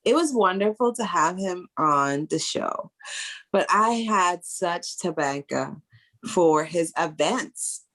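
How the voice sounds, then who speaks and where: A woman's voice: lowish voice, lively intonation, slow pace, fairly bright tone. Tipsy, rambling Caribbean American woman. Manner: rambling, laughing, playful. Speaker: podcast co-host; entertainment lawyer. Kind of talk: casual podcast chat.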